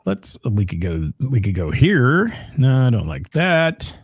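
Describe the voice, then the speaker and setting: A man's voice: mid-range voice, sing-song, measured pace, husky, dry recording, clean studio sound. A middle-aged man from Ohio, co-hosting a casual live-streamed chat from home and greeting viewers by name. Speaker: co-host of a live-streamed talk show.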